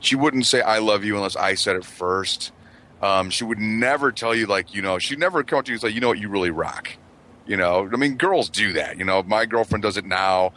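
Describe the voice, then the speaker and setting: A man's voice: brisk, pushed and bright. A man chatting casually about his marriage, rambling and profane, full of "you know" fillers. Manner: mimics quoted people in a high squeal. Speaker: podcast co-host. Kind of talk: casual chat.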